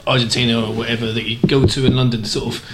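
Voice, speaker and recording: An Irish man fires off a long, rambling question at a fast clip. His mic picks up clear noise and clicks. His voice sits at a middling pitch. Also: level tone.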